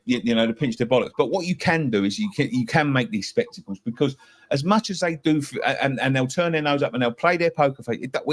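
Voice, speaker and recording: A middle-aged man from England, a football fan talking passionately, swearing and repeating himself. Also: medium pitch. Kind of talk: heated fan-show chat.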